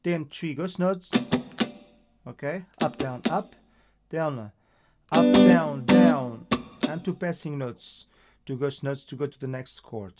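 A man's voice: a little high, a little slow. A man from Portugal with a Portuguese accent, teaching a guitar lesson and counting beats patiently. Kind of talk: guitar tutorial. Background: acoustic guitar playing.

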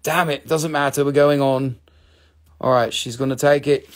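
A man's voice: fairly even intonation, normal speed. A middle-aged man hosting a live crystal sale, chatty and playful, showing stones and calling out prices. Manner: playful, chatty, jumps into squeaky high joke voices. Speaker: live-stream crystal seller. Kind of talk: casual live sales chat.

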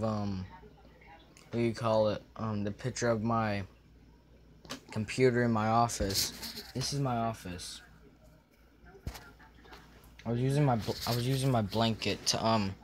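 A young man talking casually to his camera in a small room, his thoughts wandering as he loses track with ums and restarts. His voice sits at an ordinary middle pitch. A faint hum of room ambience sits under it. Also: fairly even intonation, moderate pace, pauses often. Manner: scattered, forgetful, many fillers and restarts. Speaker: vlogger. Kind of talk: rambling casual vlog.

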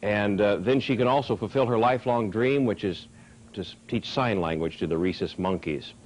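A man's voice: lowish voice, moderate pace, a little hiss or hum, poor audio. A man hosting a parody talk show in a hammy, folksy way, stumbling over his words.

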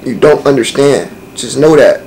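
A man's voice: medium pitch, normal speed, darkish tone, a little hiss or hum, rough recording. A young man chatting casually on a video chat app, roasting the strangers he meets with brash, profane slang and a lot of laughter.

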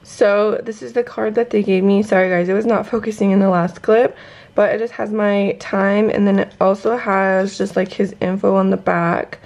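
Young woman, vocal fry, casual vlog, teary and excited, filler-heavy chat. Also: mid-range voice, moderate pace. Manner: gushing, excited, says "like" a lot. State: teary and emotional; just woke up, sleepy voice. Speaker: vlogger. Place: at home. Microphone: handheld camera.

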